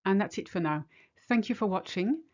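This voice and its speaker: A woman teaching a French lesson in English, speaking clearly and slowing down to model French phrases. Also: medium pitch, lively intonation, a little mellow, highs cut off. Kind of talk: language lesson.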